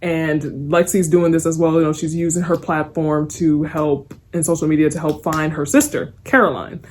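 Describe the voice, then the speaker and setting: A woman's voice: deep voice, fairly even intonation, normal speed, a little mellow, a little hiss or hum. A young woman giving a casual spoken review of a TV episode, rambling and giggly, with lots of fillers and restarts. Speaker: TV series reviewer.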